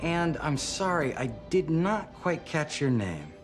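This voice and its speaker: A possessed young man, menacing beneath a smooth, mock-courteous surface. His pitch swings widely, rising and dipping as he toys with his words, and tense music plays underneath. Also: sing-song, takes it slowly. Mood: falsely polite. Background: tense music score.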